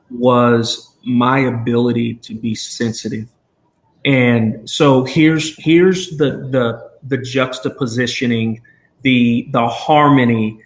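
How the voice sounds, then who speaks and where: A man's voice: medium pitch, echoey room. A man hosting a live video chat, talking earnestly and rambling with many fillers. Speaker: show host.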